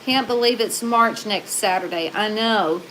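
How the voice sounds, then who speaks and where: A woman's voice: mid-range voice, a little slow, fairly bright tone, slight background noise, low-quality recording. A woman hosting a casual livestream, chatting and reading viewer comments aloud. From Southern United States.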